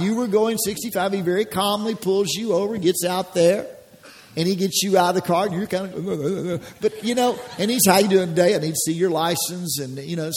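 A male preacher giving a folksy sermon, acting out everyday scenes and rallying the congregation. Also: high-pitched. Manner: folksy, acts out scenes, rallies the crowd.

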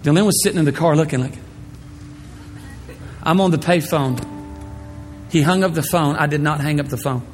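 A man pastor telling a personal story in a sermon, animated, swinging from hushed to loud. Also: on the high side, moderate pace, long pauses. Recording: echoey hall with faint music.

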